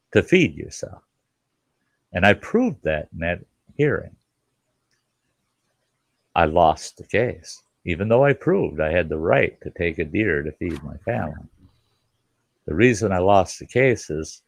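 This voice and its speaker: A man's voice: low-pitched, gravelly, no echo. An older man hosting a casual live chat, telling blunt, folksy stories with casual swearing and laughter.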